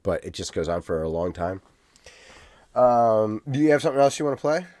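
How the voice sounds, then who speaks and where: A man co-hosting a podcast in casual chat, animated and rambling, swearing now and then. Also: lowish voice, brisk, dry recording. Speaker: podcast co-host.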